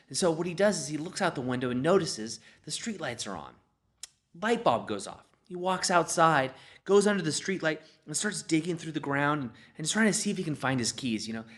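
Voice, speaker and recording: A man's voice: mid-range voice, fairly bright tone. A middle-aged man, a business lifestyle coach, telling motivational stories in a casual, conversational way with frequent "you know" asides. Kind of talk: motivational storytelling talk.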